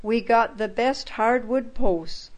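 A woman's voice: on the high side, takes it slowly. A woman doing a pleading poor old village woman. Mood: eager. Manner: pleading, plaintive.

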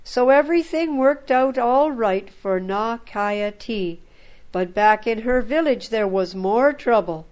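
A woman narrating a first-person story in a calm, measured manner. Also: fairly high pitch.

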